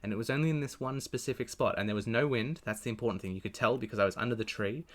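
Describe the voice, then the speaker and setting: A man's voice: mid-range voice, very fast. A man co-hosting a podcast, recounting a strange experience in earnest detail. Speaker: podcast co-host. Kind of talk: casual chat.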